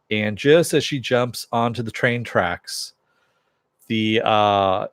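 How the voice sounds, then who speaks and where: Recapping a TV episode in a chatty, casual way, a man with a lowish voice chuckles and performs the characters' lines in a raised voice. No echo is audible.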